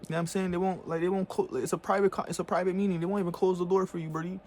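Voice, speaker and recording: A male vlogger with a high, slightly mellow voice and little pitch movement rants very fast, with slight background noise. His heated, casual talk is full of profane slang and repeated "bro" and "you know what I'm saying."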